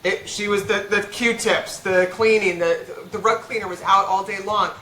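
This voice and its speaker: A woman's voice: mid-range voice, steady tone, bright, forceful tone. Frank woman vet in an echoey room. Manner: frank, earthy, talks in quick bursts with restarts. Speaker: veterinarian guest. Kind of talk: casual podcast conversation. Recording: echoey room with faint background hum.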